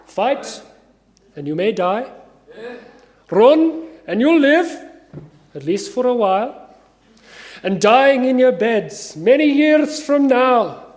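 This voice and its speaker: A man putting on a Scottish accent to play a warrior chief giving a slow, rallying battle speech in a church. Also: very high voice, voice pushed up, heavily acted. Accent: put-on Scottish. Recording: long reverb of a large church.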